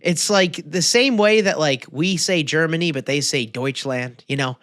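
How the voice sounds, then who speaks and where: A man co-hosting a podcast in casual chat, animated, often laughing and mocking fancy pronunciations. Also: on the high side, moderate pace, dry recording, studio quality. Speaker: podcast co-host.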